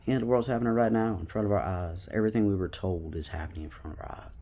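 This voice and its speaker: Gravelly deep-voiced man in his fifties. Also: racing, dark tone. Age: 50s. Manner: drops to a whisper often, intense. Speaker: vlogger. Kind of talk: rambling spiritual monologue.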